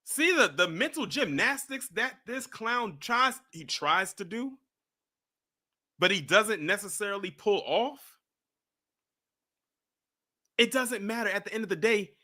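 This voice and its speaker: Guy on a stream, bright tone, mocking and fired up. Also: high voice. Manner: indignant, mocking, shouts when angered. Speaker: streamer host reacting to a debate. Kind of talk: heated live commentary.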